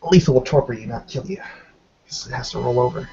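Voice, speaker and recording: A man's voice: mid-range voice, fast, gravelly, warm tone. A man narrating his character's actions in a tabletop role-playing game, hesitant and full of fillers, on a dull lo-fi recording with faint noise. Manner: hesitant, many fillers and hedges. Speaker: player.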